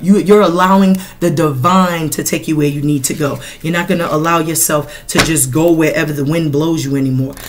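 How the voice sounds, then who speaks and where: A middle-aged woman giving a casual tarot reading in a blunt, animated, profane way. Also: lowish voice. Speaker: tarot reader.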